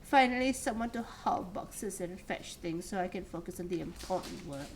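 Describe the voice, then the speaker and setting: A woman's voice: mid-range voice, expressive, normal speed, slight background noise, natural voice. A woman reading as a bossy, gum-snapping teenage girl, drawling in a put-on accent. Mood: smug.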